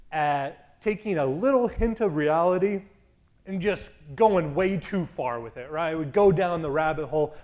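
A man preaching a sermon in a conversational, animated way, with storytelling and asides. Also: fairly high pitch.

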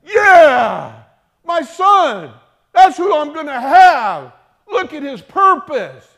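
A preacher voicing a boastful old priest who whoops with joy and then scoffs in slang. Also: male voice, a little high, quick pace, gravelly, pitched above the performer's own voice. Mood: elated. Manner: loud, slangy and excited.

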